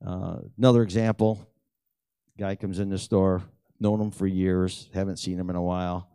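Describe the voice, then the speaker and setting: A middle-aged man with a low, gravelly voice tells personal stories to a congregation. He is animated and jumps his pitch up when he acts out conversations. The sound is close and dry, and his tone is mellow. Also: moderate pace, no echo. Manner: animated storyteller who acts out dialogue with big pitch jumps. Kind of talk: storytelling testimony talk.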